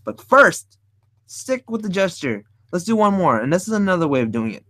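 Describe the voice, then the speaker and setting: Guy streaming himself drawing, rambly, goofy bam noises, very animated voice, dry mic. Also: high-pitched, normal speed, dry recording. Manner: rambling, thinks aloud while drawing, playful sound effects. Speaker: art stream host. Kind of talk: casual live drawing tutorial.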